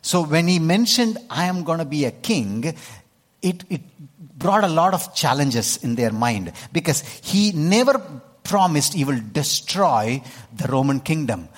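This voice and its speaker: Indian guy preaching, kinda husky, keeps asking the crowd "okay?", big echoey church hall. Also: a little high, expressive, moderate pace. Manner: emphatic, keeps checking in with the congregation. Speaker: pastor. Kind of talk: sermon. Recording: long hall reverb.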